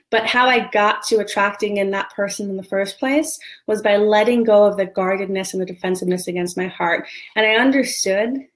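A woman in her thirties, a love coach giving an earnest motivational talk, slowing down to stress key words. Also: mid-range voice.

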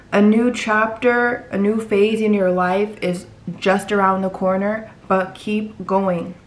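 A woman giving a tarot reading to her viewers, reassuring and repeating phrases for emphasis. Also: mid-range voice. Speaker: tarot reader.

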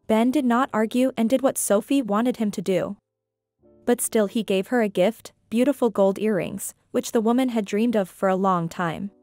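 A woman narrating a scripted story in an even, measured reading. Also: fairly high pitch, no room sound, soft background music.

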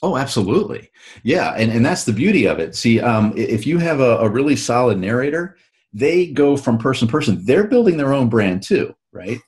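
A man's voice: mid-range voice, very animated, brisk, a little mellow. A man, an author and show host, talking casually in an interview and explaining at length with frequent restarts.

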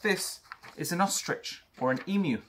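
A young man teaching an art lesson for children, chatty and talking straight to young viewers, with a husky voice. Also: high voice, normal speed, fairly bright tone, a little hiss or hum.

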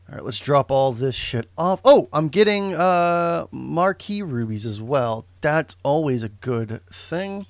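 A young man talks loosely over his gameplay, wandering off on asides and restarting his sentences. His voice sits a little high for a man. The sound is close and dry, with no room around it. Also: animated, measured pace, few pauses, no echo. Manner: rambling, self-correcting, joking asides. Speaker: game streamer. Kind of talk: casual gameplay commentary.

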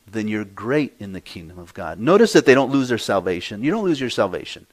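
A male pastor preaching a sermon, emphatic, swinging between hushed, slow stretches and loud, raised passages. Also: fairly low pitch, very animated. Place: church.

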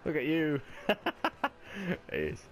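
Young man, gameplay commentary, bouncy swinging pitch, headset mic, excitable and sweary. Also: drawn-out words, a little hiss or hum. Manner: excitable, sweary, laughing at himself. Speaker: gaming YouTuber.

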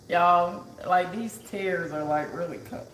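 A woman's voice: fairly low pitch, slow. A woman chatting emotionally to viewers on a cooking livestream from her home kitchen, close to tears. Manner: emotional and tearful, calls viewers y'all. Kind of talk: casual chat to viewers. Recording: echoey room with background noise.

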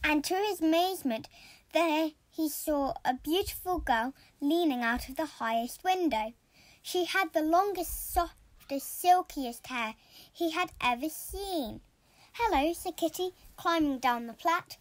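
A woman reading a picture book aloud in an expressive storytelling way. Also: high-pitched, measured pace. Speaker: storybook reader.

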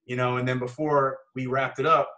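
A male football coach talks shop in a relaxed chat. His voice sits at an ordinary pitch, and he rambles through restarts and laid-back slang as he tells his stories. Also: normal speed, rough recording. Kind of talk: casual coaching conversation.

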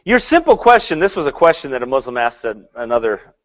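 A man preaching a sermon in an animated way, swinging between loud and hushed, laughing often and mocking with put-on quotes. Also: mid-range voice, quick pace, dull audio.

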